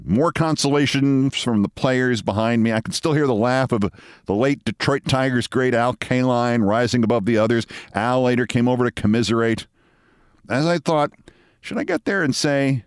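A man's voice: mid-range voice, animated, unhurried, clear, resonant tone, no room sound, clean studio sound. Wry, theatrical male storyteller host. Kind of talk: storytelling monologue. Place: studio.

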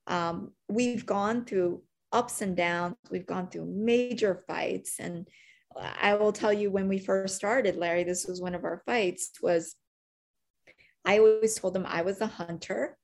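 A middle-aged woman, an agency CEO, telling stories in an interview, animated and full of fillers, acting out quoted lines. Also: mid-range voice, creaky. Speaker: agency CEO, podcast guest. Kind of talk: conversational interview storytelling.

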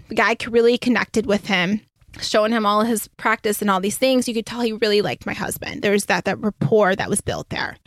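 A young woman career coach telling a story in a chatty, excitable way, full of "like". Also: medium pitch, no echo, studio quality. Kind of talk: casual storytelling monologue.

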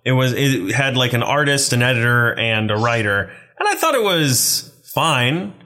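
Male co-host, casual rambling chat, wry, bright tone. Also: medium pitch, big pitch swings, moderate pace. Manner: rambling, wry, self-deprecating. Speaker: podcast co-host.

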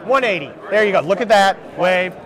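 A man co-hosting a podcast at a live event, joking loudly and calling out to people walking by. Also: high voice, animated, moderate pace. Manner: joking, loud, calls out to passersby. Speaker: podcast co-host. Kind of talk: casual chat at a live event. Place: busy conference floor. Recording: noisy crowded convention floor. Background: crowd chatter.

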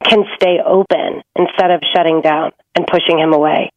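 A woman's voice: deep voice, steady tone, moderate pace. Woman relationship coach, earnest and reassuring, slightly dull lo-fi sound. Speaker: relationship expert guest. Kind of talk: coaching talk on a podcast.

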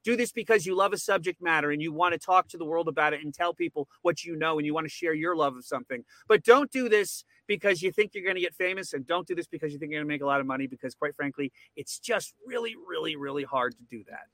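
Male interview guest: bright edgy tone, rambling and excitable, dry close mic. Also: fairly high pitch, fast, hardly any pauses, no room sound. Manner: rambling, repeats words when excited. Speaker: podcast guest. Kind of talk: casual interview.

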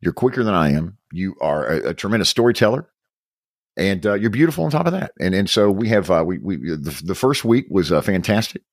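A man co-hosting a podcast in casual chat, quick and joking, cutting in with questions. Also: sits low, sing-song, no room sound, clean studio sound. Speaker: podcast and radio host.

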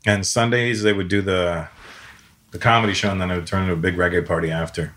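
A comedian telling stories in casual chat, acting out quotes with big jumps in his voice. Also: fast talker. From Canada. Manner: animated, acts out quotes with big pitch jumps.

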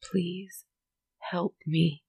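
Frightened lost pilot man, hushed and tearful, gravelly and husky, as a narrator puts him on. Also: medium pitch, level tone, slow, dry recording, heavily acted. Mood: pleading tearful. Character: lost, terrified adult male pilot, begging.

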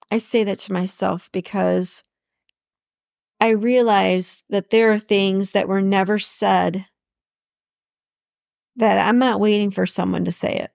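In a clean studio recording without echo, a woman with a gravelly, medium-pitched voice hosts her own podcast. She repeats her words of support, warmly affirming the listener with imagined encouragement.

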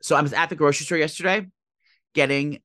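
A man with a New Jersey accent co-hosting a podcast, chatting casually in a fast, rambling way with swearing. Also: a little high, steady tone, bright, forceful tone, no room sound, studio quality. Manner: fast, rambling, swearing, acts out voices in stories. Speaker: podcast co-host. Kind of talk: casual chat.

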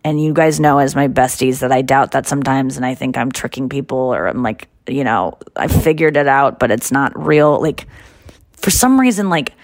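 A woman podcast host in casual chat, telling stories in an animated way and acting out what others said. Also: extremely low pitch, moderate pace, dry recording, studio quality. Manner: animated storytelling, quoting others in raised voices.

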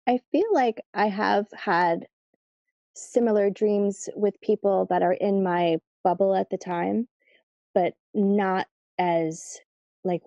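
Gravelly woman telling stories. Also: on the low side, no echo, dull audio. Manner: chatty, animated when quoting family, laughs easily. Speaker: guest. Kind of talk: casual storytelling in an interview.

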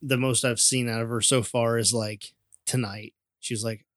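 A young man chatting on a podcast in a relaxed, rambling way, full of fillers and easy laughs. His voice is recorded close and dry, with no room sound, and sits at an ordinary middle pitch. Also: moderate pace, no room sound. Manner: laid-back, rambling with many fillers and laughs. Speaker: podcast co-host. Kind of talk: casual chat.

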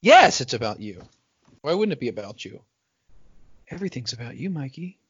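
A man's voice: mid-range voice, big pitch swings, brisk, muffled recording, background noise. Exasperated, swearing man on a call. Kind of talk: casual chat.

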